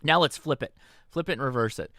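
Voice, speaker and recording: A man's voice: mid-range voice, fairly quick, bright, forceful tone, dry recording. Guy doing a livestream how-to from his home station, dry close mic, keeps asking okay?. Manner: instructional, checks in with "okay?". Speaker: host. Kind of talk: livestream tutorial. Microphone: desk microphone.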